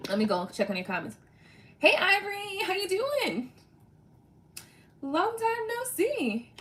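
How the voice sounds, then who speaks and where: A woman's voice: very high-pitched, big pitch swings, unhurried, a bit bright. A woman hosting a tarot livestream, talking casually and bluntly to viewers, laughing often, swearing freely and tagging sentences with "right?". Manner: repeats "right?" and "you know" constantly. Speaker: tarot reader and livestream host.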